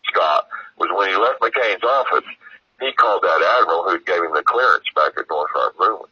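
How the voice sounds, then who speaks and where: A man's voice: low voice, lively intonation, moderate pace, slightly rough, no room sound, muffled recording. A man guest telling a long, meandering story, full of fillers and asides. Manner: meandering, heavy on fillers and "you know". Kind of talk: rambling storytelling.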